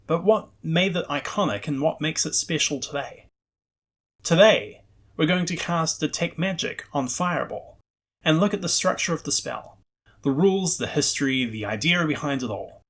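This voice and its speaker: A man's voice: on the high side, fairly bright tone. A man hosting a scripted narration about the history of a tabletop game spell, with wry, self-deprecating asides. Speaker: host.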